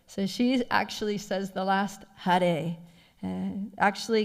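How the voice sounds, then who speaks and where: A woman giving a devotional scripture class, retelling a story with animated feeling and frequent soft laughs. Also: mid-range voice, takes it slowly, gravelly, big-room sound. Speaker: class speaker. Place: temple class.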